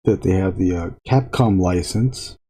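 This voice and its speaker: A man chatting casually to viewers while drawing on a live stream, rambling with frequent halting restarts. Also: low-pitched, dark tone, breathy edge.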